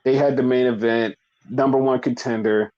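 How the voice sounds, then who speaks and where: A man's voice: medium pitch, steady tone, normal speed, a little mellow, dull audio. Male podcast host, casual, blunt and swearing, rambles on. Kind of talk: casual wrestling recap chat.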